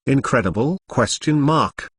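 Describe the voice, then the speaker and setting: A computer-voiced man reading a stunned young female hostage's lines in a web novel, with flat, stilted delivery. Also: mid-range voice, a little slow, breathy edge, no echo.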